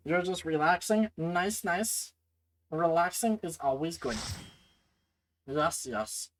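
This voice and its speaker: A man's voice: a little high, takes it slowly, long pauses, low-quality recording. A man streaming a video game, chatting casually and joking to himself. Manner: playful, joking, talks to himself.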